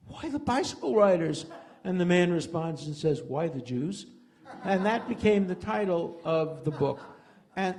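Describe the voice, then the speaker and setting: This is an older man addressing a community center audience as a guest speaker. His voice sits slightly high for a man. He talks with fervent conviction, rambling between anecdotes and often restarting his sentences. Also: darkish tone. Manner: impassioned, digressive storyteller, frequent restarts. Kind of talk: public lecture with Q&A moderators.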